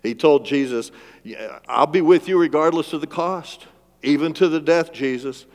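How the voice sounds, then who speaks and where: A man preaching a sermon as pastor, swinging between loud emphatic lines and hushed, drawn-out phrases and calling for responses from the congregation. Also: fairly high pitch. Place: church sanctuary. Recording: long reverb of a large church hall.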